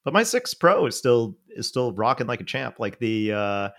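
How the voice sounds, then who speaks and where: A man chatting casually as a podcast co-host, relaxed and quick with short reactions. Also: medium pitch. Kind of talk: casual chat.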